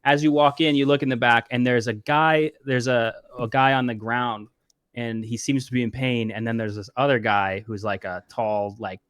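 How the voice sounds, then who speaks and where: A man's voice: medium pitch, fairly even intonation, normal speed, fairly bright tone, clear, resonant tone, no echo, clean studio sound. A man narrating a tabletop game as game master, loose and full of fillers.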